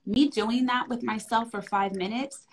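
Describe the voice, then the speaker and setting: Gentle, affirming woman speaking softly. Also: on the high side, steady tone, normal speed, poor audio. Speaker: wellness guest. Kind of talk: heartfelt conversation.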